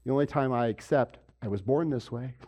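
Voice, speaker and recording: A pastor giving a sermon, moving from quiet stretches to loud, emphatic preaching and asking his congregation questions. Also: medium pitch, a little fast, highs cut off. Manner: asks the audience questions. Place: room with a congregation.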